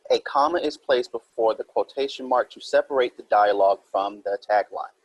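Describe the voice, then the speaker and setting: Husky-voiced man teaching a writing lesson. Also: medium pitch, normal speed, no echo, highs cut off. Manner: explains step by step, reads example sentences aloud. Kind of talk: recorded writing minilesson.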